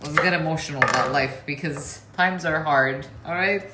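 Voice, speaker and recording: A cooking show host with a low voice speaks at a moderate pace at her kitchen stove, chatting casually with viewers and tossing in frank asides. The recording is very noisy, with clear sizzling and frying behind her plus stirring and clicks.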